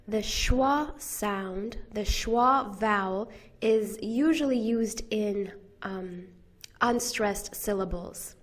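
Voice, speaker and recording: A woman's voice: medium pitch, extremely slow. An American woman teaching pronunciation, who models vowel sounds and repeats example words one at a time. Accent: General American. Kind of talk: slow, careful pronunciation lesson.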